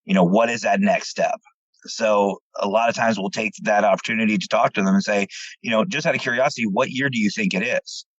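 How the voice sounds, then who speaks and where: A man tells stories of his investigations in a casual, animated way, often repeating words as he starts a thought. His voice is husky, and the recording sounds dry and somewhat dull. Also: lowish voice, fairly quick, dry recording. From central Pennsylvania. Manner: animated, repeats words when starting, acts out quoted dialogue. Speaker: paranormal investigator, guest. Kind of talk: casual storytelling interview.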